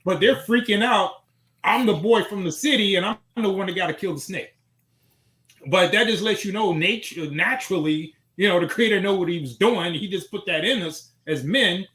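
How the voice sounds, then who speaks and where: A man's voice: high-pitched, normal speed. Chicago man telling stories in an echoey room. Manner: relaxed storytelling. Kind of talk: casual chat.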